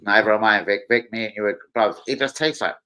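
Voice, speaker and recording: A man's voice: on the low side, quick pace, pushed and bright, low-quality recording. Slangy, swearing man on a stream. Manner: swears freely, slangy and rambling. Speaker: live stream host. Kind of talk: casual live stream chat. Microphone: streaming setup mic.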